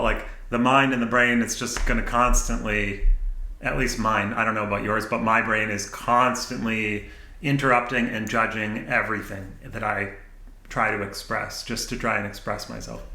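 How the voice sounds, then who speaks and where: A man's voice: medium pitch, sharp tone, echoey room, rough recording. A man hosting his own channel, rambling in an unedited monologue, self-mocking and laughing often as he talks back to his own thoughts. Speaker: channel host. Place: indoor room, sitting at camera.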